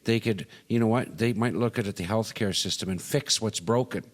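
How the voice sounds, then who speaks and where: Man, from Canada, low voice, casual discussion, agreeable, restarts sentences, long reverb. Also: fairly quick. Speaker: podcast co-host.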